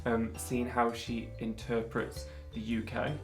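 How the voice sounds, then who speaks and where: A man's voice: mid-range voice, monotone, a little slow. A man, co-hosting a casual chat, talkative with frequent laughs and fillers. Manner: chatty, laughs often, plenty of fillers. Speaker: co-host. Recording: echoey room with faint music.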